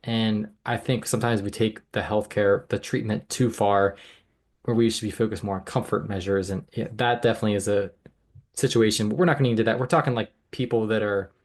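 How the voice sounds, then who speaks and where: A man's voice: on the low side, fairly even intonation, fairly quick. A man who works as a health care provider, co-hosting a podcast in casual chat, earnest and emphatic. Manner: earnest, emphatic, with frequent restarts.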